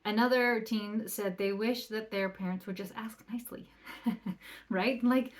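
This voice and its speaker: A woman's voice: mid-range voice, measured pace. A woman in her thirties, a parenting coach, talking casually to listeners on her podcast, asking them rhetorical questions and acting out what parents and kids say. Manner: acts out quoted parents and kids in shifted voices. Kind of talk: casual solo podcast talk.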